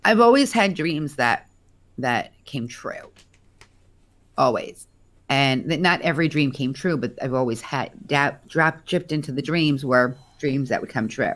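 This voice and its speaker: A woman guest telling her own story in a live chat, rambling and correcting herself, lively when she quotes others. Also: very deep voice, unhurried.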